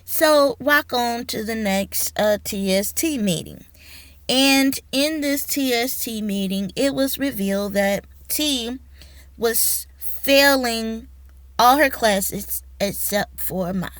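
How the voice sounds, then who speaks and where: A woman's voice: on the high side, slow, dry recording. A woman teacher telling a personal story, acting out the voices of the people in it. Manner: animated, acts out the voices in her story. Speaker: teacher and educational consultant.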